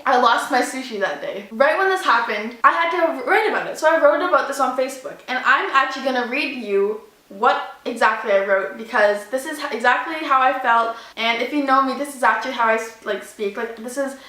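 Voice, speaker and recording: A young Canadian woman vlogger telling a story loudly and animatedly, acting out each moment with lots of "like"s. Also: sits high, brisk, reverberant, rough recording. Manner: loud, animated, dramatic retelling with many "like"s. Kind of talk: casual storytime.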